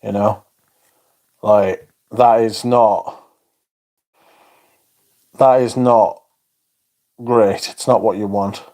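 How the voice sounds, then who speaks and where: A man's voice: fairly low pitch, fairly even intonation, drawn-out words, long pauses, dark tone. Chatty man on a livestream. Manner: swearing, chatty, reads viewer comments aloud. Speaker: livestream host reading chat. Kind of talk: casual livestream chat.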